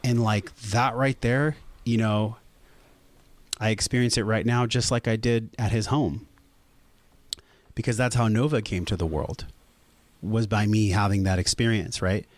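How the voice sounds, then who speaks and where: A man with a fairly low voice talks as a podcast guest, earnest and intense. He curses now and then to drive a point home. The sound is dry and close to the mic. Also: fairly even intonation, unhurried, no room sound. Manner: earnest and intense, swearing for emphasis. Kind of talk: emotional conversational podcast talk.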